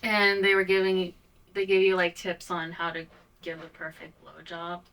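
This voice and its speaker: A woman from Ohio hosting an awkward comedy interview, speaking haltingly and deadpan with many fillers. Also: lowish voice, far from the mic, poor audio.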